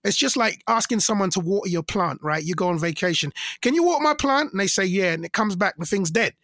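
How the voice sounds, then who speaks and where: A middle-aged man telling stories in a casual interview, animated and acting out the voices of people he quotes. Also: fast, dry recording, studio quality. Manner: animated, acts out quoted voices with big pitch jumps. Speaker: singer and interview guest.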